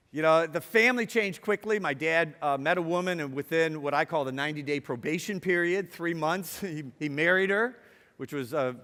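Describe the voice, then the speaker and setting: A middle-aged man from Ohio telling a personal story to an audience, wry, moving between quiet reflection and lively, amused telling. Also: fairly high pitch. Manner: wry, swings from hushed to lively. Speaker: speaker. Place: university hall. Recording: hall with long reverb.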